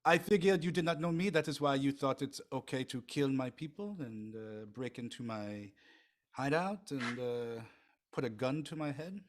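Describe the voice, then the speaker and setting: A man voicing a scheming male French Canadian syrup crime boss with a put-on French accent, halting and full of pauses. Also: mid-range voice, close to an everyday voice. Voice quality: halting speech with thick fake accent, many "uh" pauses. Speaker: game master voicing a character.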